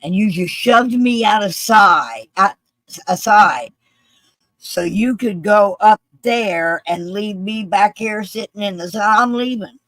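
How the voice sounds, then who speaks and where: A person telling a story and putting on the voice of an angry, overheated male veteran in a wheelchair, loud and cantankerous. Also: mid-range voice, expressive, a little slow, vocal fry, long pauses, no echo.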